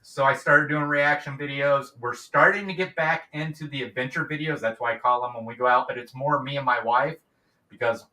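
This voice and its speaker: A man's voice: mid-range voice, a little fast, sharp tone. Middle-aged man on a roomy video call. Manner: rambling, many restarts and fillers. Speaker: guest, YouTube creator. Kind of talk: casual interview chat. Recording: roomy, distant from mic.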